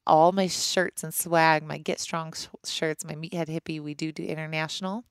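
A woman's voice: low voice, fairly even intonation, a little fast, creaky, clear, resonant tone, dry recording, clean studio sound. A woman in her thirties hosting a podcast, chatting candidly and rambling through listener questions with many restarts. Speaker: podcast host. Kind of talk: casual chat answering listener questions.

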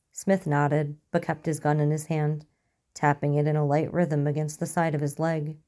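A woman narrating a story in an even, measured way. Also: deep voice.

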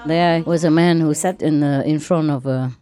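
A woman's voice: low-pitched, fairly even intonation, moderate pace, loud music behind the voice. A woman as a spiritual teacher giving an informal, playful talk to her disciples, laughing as she tells jokes.

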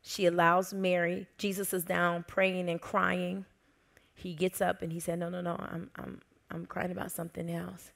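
Pastor woman preaching with gravelly edge. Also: fairly low pitch, normal speed. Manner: expressive storytelling, acting out quotes, dropping to whispers. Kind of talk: sermon.

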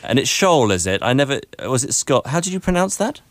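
A man's voice: mid-range voice, very animated, a little fast, no echo. Man, podcast host, casual interview, dry close mic.

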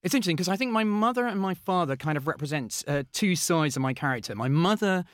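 An English-raised man as an interview guest, recounting his past with eager, animated energy and plenty of filler words and false starts. His voice sits a touch high for a man, recorded close and dry with no room sound. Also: fast, no echo. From England. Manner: eager, animated storytelling with many fillers and restarts. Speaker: guest, mathematician. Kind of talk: conversational interview storytelling.

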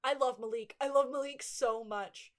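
A woman co-hosting a podcast, recapping a TV episode in casual chat and briskly acting out the characters' lines. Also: sits high. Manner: lively storytelling, acts out characters' lines. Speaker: podcast co-host.

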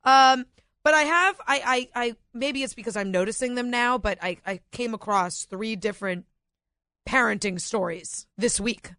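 Female radio co-host, higher voice, dry studio sound, chatty, laughs a lot. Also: moderate pace, sharp tone, dry recording. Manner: laughs often, bantering. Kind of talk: casual talk radio chat.

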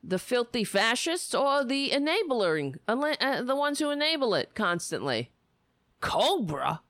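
A woman's voice: fairly high pitch, big pitch swings, measured pace, fairly bright tone, no room sound. A woman delivering an angry, profane political rant full of sarcasm.

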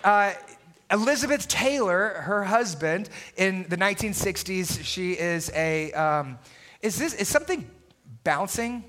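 Upbeat male pastor, higher register, bright and engaging, jokes with the congregation. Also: measured pace. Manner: lively, animated, playful asides to the congregation. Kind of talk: sermon. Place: church sanctuary with congregation. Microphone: wireless body mic.

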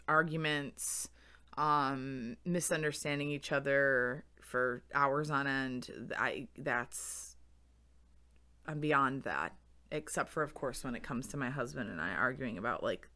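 Bright-voiced woman with a low pitch. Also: takes it slowly. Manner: candid, reflective, laughs easily. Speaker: podcast host. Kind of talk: solo podcast talk.

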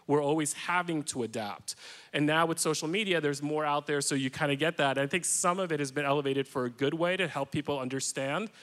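A man's voice: fairly high pitch, brisk, fairly bright tone. A man who coaches executives, speaking earnestly and emphatically in a panel discussion.

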